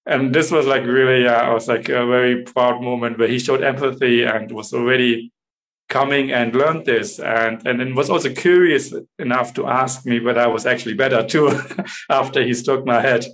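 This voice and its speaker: A man's voice: mid-range voice, fairly even intonation, moderate pace, fairly bright tone, low-quality recording. A man, a father, casually telling a proud story with some hesitation. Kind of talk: personal storytelling.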